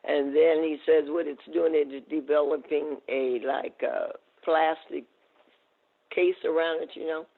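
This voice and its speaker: A woman in her eighties from the United States, a guest telling animated stories in a casual interview. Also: low-pitched, a little slow. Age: 80s. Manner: animated storyteller, acts out quoted exchanges. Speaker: guest, masters sprinter. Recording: tinny phone-line audio.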